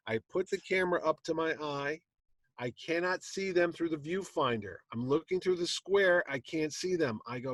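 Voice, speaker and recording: Telling a lively story from a convention stage, this comic con panel host acts out many of its quotes. His voice is a little high and moderately paced, with no room sound.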